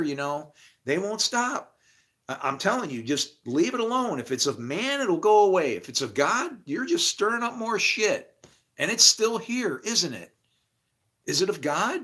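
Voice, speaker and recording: A man talks through his faith in a loose, rambling monologue. His voice sits a little high and swings widely up and down. He swears freely and slips into acted-out snippets of conversation. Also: big pitch swings, moderate pace, pushed and bright, husky. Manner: swears freely, acts out imagined dialogue, laughs often. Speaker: spiritual speaker.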